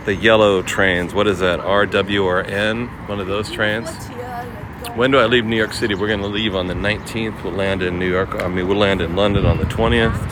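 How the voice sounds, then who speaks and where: A man hosting a casual live-stream walking tour outdoors, chatting to viewers and greeting them by name. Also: on the low side. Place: outdoors on a city waterfront promenade. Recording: outdoor city noise with traffic.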